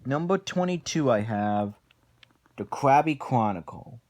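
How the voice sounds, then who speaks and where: A man's voice: mid-range voice, animated, a little slow, darkish tone. A man giving a casual spoken review of cartoon episodes, exasperated, sighing often and rambling through his points.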